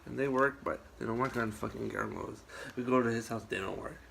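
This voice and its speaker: Rambling, animated man telling stories. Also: medium pitch, fast talker, creaky, slight background noise. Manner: rambling, animated storytelling with frequent swearing. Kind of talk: casual chat.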